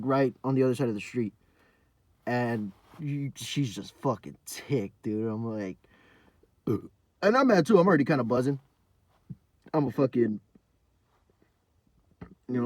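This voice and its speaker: A young man hosting a podcast, telling a rambling, profane story in a casual monologue full of fillers, sometimes dropping to a low mumble. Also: moderate pace, pauses often, a little mellow, dry recording. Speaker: podcast host.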